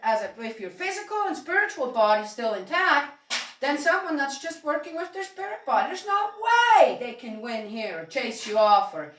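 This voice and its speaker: A woman with a high, light voice tells her own story in a loose, conversational ramble, dotted with fillers, soft chuckles and remarks to herself. She sits some distance from the microphone in a strongly echoing room, with a faint hiss underneath. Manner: rambling, with many fillers and frequent soft laughs; talks to herself aloud. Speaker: spiritual storyteller. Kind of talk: casual spoken memoir narration.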